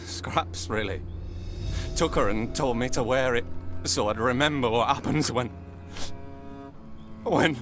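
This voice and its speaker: A man's voice: medium pitch, measured pace, pauses often, music in the background, natural voice. A man playing a stammering, frightened peasant. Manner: stammering, rough speech. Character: frightened male peasant farmhand, rough and humble.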